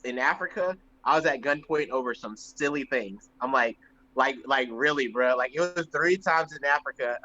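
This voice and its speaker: A young man co-hosting a podcast, telling stories casually and acting out the voices of people in them. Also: mid-range voice. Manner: animated, acts out voices in anecdotes. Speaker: podcast co-host. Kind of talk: casual storytelling. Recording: slightly muffled lo-fi audio.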